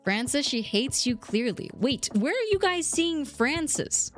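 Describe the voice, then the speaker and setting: A young adult woman streamer chatting casually with viewers, jumping between squeaky highs and mock-deep lows. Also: sing-song, a little slow, faint music behind.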